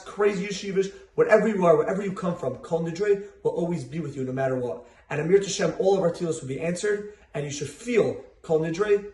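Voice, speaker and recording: A young man tells a story in a casual, rushing way, mixing Hebrew and Yiddish words into his speech. His voice sits a bit high. The room around him rings with echo. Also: slight background noise. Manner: fast, animated telling with Hebrew and Yiddish terms. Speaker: storyteller giving a holiday message.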